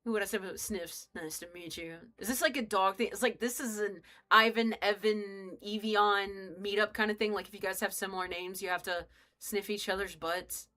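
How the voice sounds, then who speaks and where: Young woman game streamer, bright and forceful tone, loose rambling chatter, cusses freely, talks straight to chat. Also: mid-range voice, steady tone, normal speed. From United States. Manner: rambling, joking, swears freely, chats with viewers. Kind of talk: casual live-stream chat while playing.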